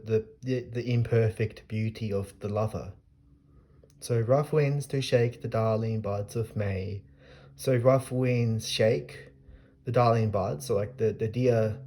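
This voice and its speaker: A man talks through a classic poem in a loose, casual way, often pausing and restarting as he thinks aloud. His voice sits a little low and sounds mellow and soft-edged. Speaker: literature explainer. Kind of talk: casual spoken poetry analysis.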